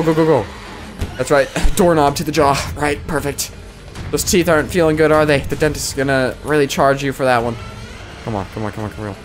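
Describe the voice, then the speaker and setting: Sarcastic man doing game commentary. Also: medium pitch. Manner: sarcastic, jokey, scolds the game character; swears and exclaims in bursts. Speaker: gaming video creator. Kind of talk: let's play commentary.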